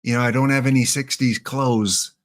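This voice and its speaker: A middle-aged man with a Canadian accent chats with his live viewers in a loose, joking way. His voice sits at an ordinary pitch. He drifts between asides and the next slide. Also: steady tone, normal speed. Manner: joking, chatty, answers chat. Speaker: livestream host. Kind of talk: casual livestream chat.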